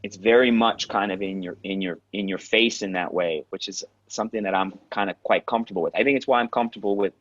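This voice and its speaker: Lower-voiced New York man, blunt talker. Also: quick pace, few pauses. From Queens, New York. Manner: direct, animated storyteller who swears. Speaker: actor, guest. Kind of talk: casual interview chat. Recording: dull lo-fi sound.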